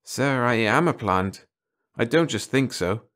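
A man's voice: mid-range voice, lively intonation, unhurried, a bit bright, voice pushed up. A man doing a shy young corporal. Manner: shy, hesitant, polite.

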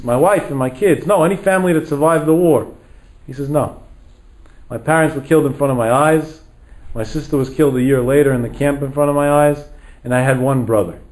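A man's voice: fairly high pitch, a little mellow, rough recording. Dramatic storytelling rabbi, man. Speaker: rabbi lecturer. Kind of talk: storytelling sermon.

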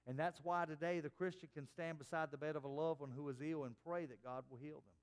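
A man preaching a sermon as pastor, dropping to soft, hushed tones for quoted words. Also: on the high side, steady tone, brisk, hardly any pauses, big-room sound. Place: church sanctuary.

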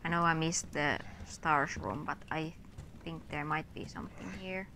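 Bright-voiced woman chatting through a game. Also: low-pitched, fairly even intonation, moderate pace, slight background noise. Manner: chatty, exasperated, talks to enemies. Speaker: gamer. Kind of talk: casual game commentary.

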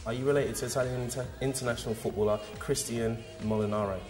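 A man's voice: mid-range voice, fairly even intonation, fast. A man co-hosting an interview, asking playful, teasing questions. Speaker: interview co-host. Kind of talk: casual interview chat. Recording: echoey studio with music.

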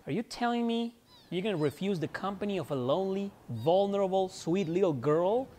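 A man's voice: medium pitch, moderate pace, a little hiss or hum, lightly acted. A man voicing a cocky teenage girl thief in a mock British accent, brash and teasing.

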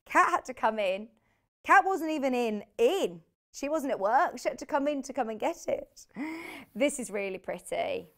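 Live from a TV studio, a woman sells on a shopping channel, showing off fabrics in a chatty, bubbly way and laughing often. Her high-pitched voice is fairly bright and sing-song, moving at normal speed.

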